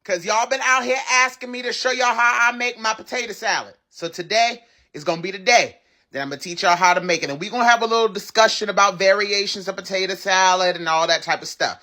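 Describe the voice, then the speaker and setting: Emphatic bright-voiced cooking host. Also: male voice, high voice, quick pace. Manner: emphatic and playful, repeats points, teasing scolds. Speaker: home cook, channel host. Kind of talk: casual cooking tutorial.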